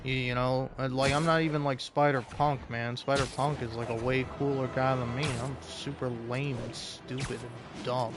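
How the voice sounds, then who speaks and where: A man's voice: medium pitch, little pitch movement, moderate pace, few pauses, noisy background. A young man streaming a game, rambling, swearing and joking at his own expense in casual chat. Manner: rambling, swearing, self-deprecating.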